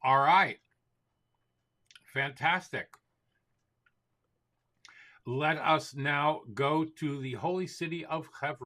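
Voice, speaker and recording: A man hosting a show, reading a summary in a steady, clear manner. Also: on the high side, slow, pauses often. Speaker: host.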